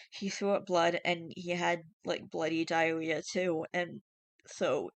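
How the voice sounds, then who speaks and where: A young adult YouTuber reads Reddit posts aloud at a medium pitch, with no echo on the recording. The reactions ramble and stay chatty, packed with filler words and casual swearing.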